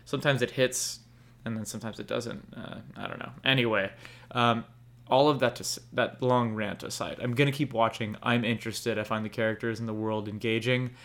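A man's voice: medium pitch, fairly even intonation, a little fast, a bit bright. A young man in casual conversation on a podcast he co-hosts. He rambles candidly, circling back to his points and dropping the occasional swear word. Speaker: podcast co-host. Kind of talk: casual chat about anime.

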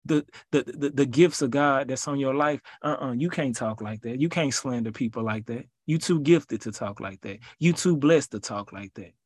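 A man's voice: medium pitch, moderate pace, hardly any pauses, husky, no room sound. A man preaching informally, driving points home with rhythmic repetition and casual slang.

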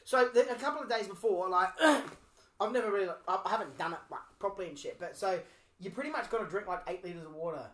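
A woman's voice: medium pitch, quick pace. Swearing Australian woman, laughing, echoey room. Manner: crude, swears constantly, laughs through her stories. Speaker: podcast co-host. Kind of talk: casual chat. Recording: echoey room with crowd noise.

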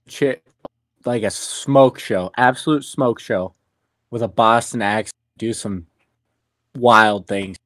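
A man co-hosting a podcast over a remote call that keeps cutting out. His voice is close and dry, and he talks in crude, halting bursts. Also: on the low side, fairly bright tone, no echo. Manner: crude, mumbled, halting remarks. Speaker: podcast co-host. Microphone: remote call with a dropping connection.

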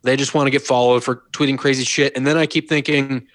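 A man's voice: mid-range voice, flat delivery, quick pace, fairly bright tone, no room sound. A man hosting a casual sports podcast, amused and laughing as he talks. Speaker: podcast host.

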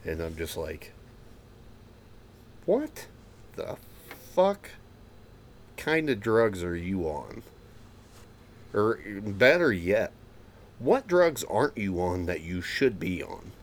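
Low-voiced man telling a wild story. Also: slow, a little hiss or hum. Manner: profane, animated storyteller. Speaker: podcast host. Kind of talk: casual storytelling chat.

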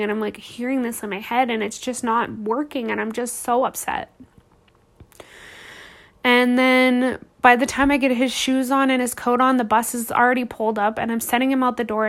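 A woman's voice: fairly high pitch, a bit bright. A woman in her thirties hosting a podcast, telling a candid personal story in an emotional, rambling way full of restarts and fillers. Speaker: podcast host.

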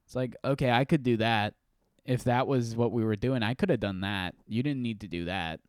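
Smooth-voiced man rambling on a podcast. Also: mid-range voice, moderate pace, dry recording, clean studio sound. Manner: rambling storyteller, animated, many restarts. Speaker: podcast host. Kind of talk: casual solo podcast chat.

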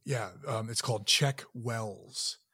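Middle-aged actor guy chatting, deep calm voice, kinda husky, lots of ums. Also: slow pace. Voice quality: deep, relaxing voice. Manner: relaxed storyteller with many fillers and restarts. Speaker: actor and producer guest. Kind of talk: casual interview chat.

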